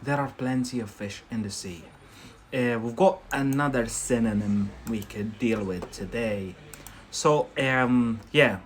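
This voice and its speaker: A man's voice: medium pitch, a little slow, a little hiss or hum. A man from Scotland, teaching English idioms on a live stream in a chatty way, often checking in with "yeah?".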